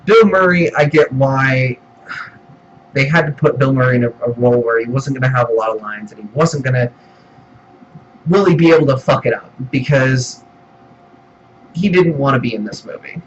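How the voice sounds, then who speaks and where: A man's voice: medium pitch, moderate pace, long pauses, dull audio, a little hiss or hum. A man giving a profane, exasperated film review as a ranting reviewer, swearing often and mocking what others say. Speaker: movie reviewer.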